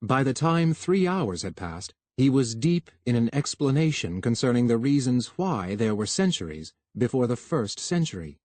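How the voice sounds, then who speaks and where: Male audiobook narrator, measured and even, dry close recording. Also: mid-range voice, no room sound. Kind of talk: scripted narration.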